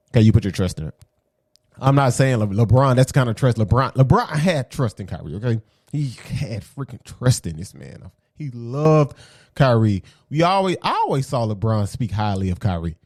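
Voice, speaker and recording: A man giving a casual, animated basketball opinion rant for his video channel. He repeats his points, drops slang and keeps asking "okay?". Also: mid-range voice, normal speed, dry recording, studio quality. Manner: slangy and conversational. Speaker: sports commentary vlogger.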